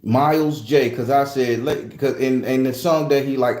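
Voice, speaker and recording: A man's voice: mid-range voice, normal speed. A man casually retelling a dream, rambling and swearing freely as he acts out what happened. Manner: profane, rambling, animated retelling. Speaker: tarot reader sharing a dream. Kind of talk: casual storytelling. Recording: echoey room.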